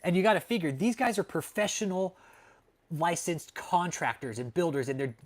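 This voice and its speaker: A male livestream host rants at home with constant swearing and blunt, heated commentary. His voice sits a little above the usual male pitch. He talks straight at his viewers, angry and profane. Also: normal speed. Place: home, dog nearby.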